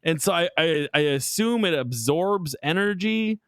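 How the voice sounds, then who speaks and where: A man's voice: a little high, lively intonation, a little slow, a bit bright, clear, resonant tone, dry recording, studio quality. A young man co-hosting a podcast who mocks and jokes crudely in casual chat, laughing often. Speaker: podcast co-host.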